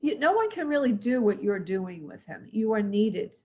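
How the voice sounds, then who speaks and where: A woman's voice: medium pitch, big pitch swings, normal speed, darkish tone. A middle-aged woman, a spirit medium, gives live readings to callers, calling them sweetheart and honey and asking spirit yes-or-no questions. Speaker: spirit medium hosting a call-in show.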